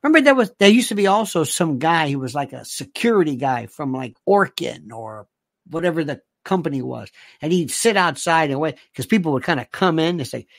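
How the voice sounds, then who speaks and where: A man's voice: on the high side, lively intonation, fairly quick, gravelly. A man hosting an opinionated commentary monologue, firing off incredulous rhetorical questions.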